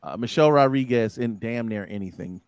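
A man with a Philadelphia accent hosting a casual group chat, animated and given to repeating words while he thinks. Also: medium pitch, a little fast, smooth, dry recording, clean studio sound. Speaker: podcast host.

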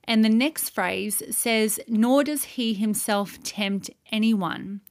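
A woman's voice: a little high, slow pace. A woman teaching on scripture in a Q&A episode, reading verses aloud and stressing repeated words with emphasis. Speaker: Bible teacher.

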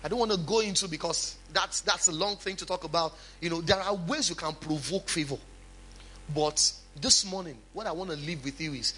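A man's voice: high voice, animated, fairly quick, sharp tone, a little hiss or hum. A male pastor preaching a sermon, with emphatic swings and chatty asides to the congregation.

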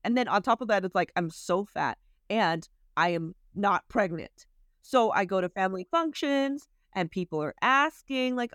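Animated woman podcast guest, smooth voice. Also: mid-range voice, moderate pace, no room sound, studio quality. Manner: animated, laughs often, acts out her own inner voice. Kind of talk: casual interview chat.

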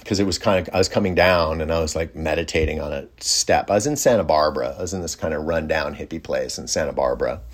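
A man telling a personal story in a casual, reflective way, rambling with fillers and restarts. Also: sits low. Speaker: storyteller recounting a personal experience.

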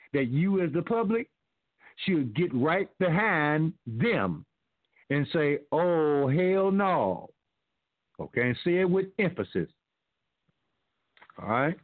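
Man, talk host, sarcastic preachy commentary, slightly high voice, dry phone-like sound. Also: no room sound. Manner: preachy, sarcastic, addresses listeners as family. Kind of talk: opinionated commentary reading news aloud.

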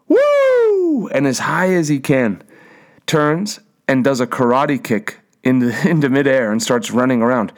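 A young male preacher in full sermon flow, mid-pitched and emphatic. He circles back to the same phrases again and again and stumbles over restarts as he drives his point home. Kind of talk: sermon with a personal story.

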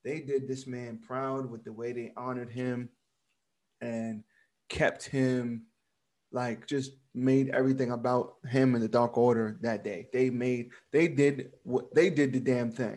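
A man's voice: mid-range voice, fairly even intonation, a little slow, darkish tone. A man co-hosting a casual wrestling podcast, blunt and swearing freely, laughing often as he talks. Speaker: podcast co-host.

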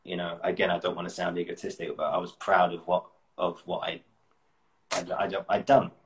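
A man with a very low voice hosts a relaxed conversation. He laughs often, trips over his words and restarts his sentences. The talk is easy and informal. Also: brisk, rough recording. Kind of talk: casual chat.

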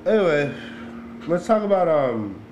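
A man's voice: fairly high pitch, big pitch swings, unhurried, darkish tone, soft background music. A man co-hosting a podcast, telling rambling stories in casual, profane slang. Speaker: podcast co-host. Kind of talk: casual chat.

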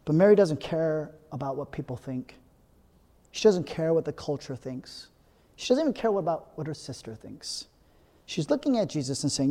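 A man's voice: a little high, lively intonation, normal speed, long reverb tail. A male pastor preaching a sermon in a conversational way, often asking "right?", and building to emphatic repeated phrases. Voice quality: earnest, builds to emphatic repetition. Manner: conversational, frequent tag "right?".

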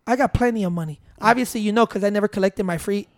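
A man's voice: sits high, fast, no room sound, clean studio sound. A man telling a long, profane story in casual chat with friends, switching into Spanish and interrupting himself with "wait". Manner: rambling, profane, mixing in Spanish, keeps saying "wait".

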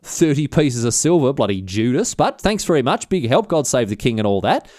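A man's voice: mid-range voice, very animated, brisk, a little mellow, dry recording, studio quality, lightly acted. A man voicing a smug, scheming medieval English earl who talks in brash slang. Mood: cocky. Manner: blokey and cocky, slangy.

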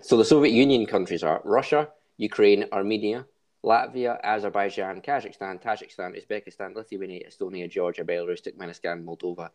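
A man's voice: on the low side, fairly quick, a little mellow. A man hosting a podcast in jokey, rambling casual chat. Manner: jokey, rambling, with false starts. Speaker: podcast host.

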